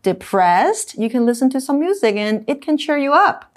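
A woman's voice: high voice, very animated, normal speed. A woman from Taiwan co-hosting an English lesson, explaining vocabulary in Mandarin and spelling words out. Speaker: English teacher co-host. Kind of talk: bilingual radio English lesson.

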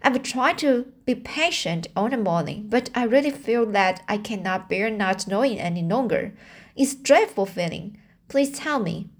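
A woman's voice: on the high side, unhurried, lightly acted. A woman reading aloud and voicing an eager, emotional orphan girl in a raised, imploring voice. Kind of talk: amateur audiobook reading.

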